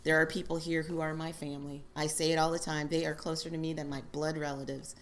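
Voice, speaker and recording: A woman's voice: low-pitched, little pitch movement, fast talker. A woman sharing at a recovery meeting, telling a story and laughing as she goes. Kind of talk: personal sharing.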